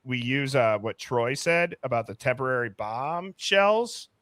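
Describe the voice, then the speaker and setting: A man's voice: mid-range voice, expressive, measured pace, fairly bright tone, no echo, clean studio sound. A man hosting a live stream, chatting casually and thinking aloud as he reads comments. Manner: easygoing, thinks aloud while reading chat. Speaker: host.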